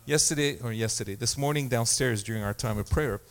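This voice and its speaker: A man's voice: mid-range voice, a little fast. A man preaching a sermon as pastor, talking in a conversational way with self-deprecating asides and small stories.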